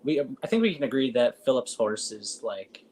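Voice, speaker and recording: A woman's voice: extremely low pitch, animated, moderate pace, darkish tone, a little hiss or hum, rough recording. A woman chatting casually over a video call during a movie watch-along, chatty and laughing with fond pop-culture asides.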